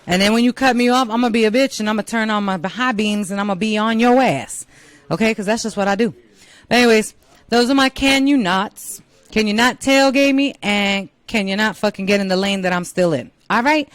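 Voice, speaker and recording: A woman's voice: mid-range voice, fairly quick, no echo. A young woman hosting her own show, ranting bluntly and exasperatedly, with lots of swearing. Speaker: show host. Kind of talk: profane comedic rant to camera. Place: San Diego.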